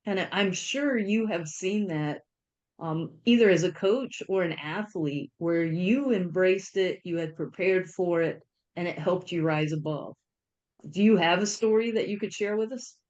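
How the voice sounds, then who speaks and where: A woman's voice: lowish voice, unhurried, a little mellow, dull audio. Woman interviewer asking encouraging questions.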